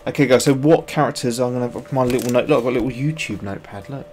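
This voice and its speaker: A man's voice: mid-range voice, rapid-fire, darkish tone. A man on a livestream, rambling and thinking aloud as he sculpts, joking at himself and greeting viewers. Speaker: sculptor streaming his work. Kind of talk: casual livestream chat while working.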